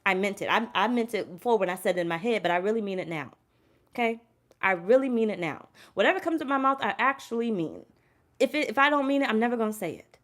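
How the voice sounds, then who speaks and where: A woman's voice: mid-range voice, animated, fast, fairly bright tone. Blunt, cursing woman tarot reader. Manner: blunt, emphatic, heavy cursing, repeats herself. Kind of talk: casual spiritual pep talk to camera.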